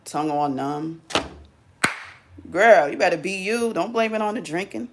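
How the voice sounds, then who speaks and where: A woman's voice: fairly low pitch, lively intonation, normal speed, background noise. A woman hosting a live stream, talking casually to her viewers in a sassy, teasing, slangy way.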